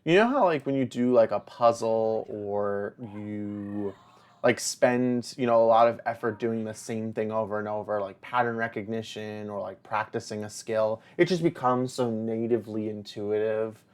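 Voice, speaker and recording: A man's voice: lowish voice, normal speed, a little mellow. A young man in casual gameplay commentary, telling rambling stories while chatting to the characters on screen. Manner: rambling storyteller, chats to the game characters. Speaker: let's play host.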